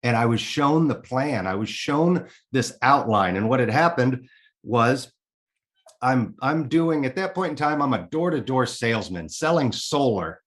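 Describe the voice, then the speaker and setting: Male interview guest, mid-pitched voice, frank and heartfelt, drops casual curses. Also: lively intonation, a little slow. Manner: candid and earnest, swears casually. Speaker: podcast guest. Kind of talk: personal storytelling in an interview.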